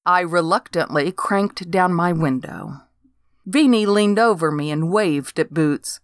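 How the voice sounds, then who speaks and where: A woman's voice: lowish voice, animated, unhurried, fairly bright tone, no echo. An older woman reading a first-person story aloud with dry, wry humor. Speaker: narrator.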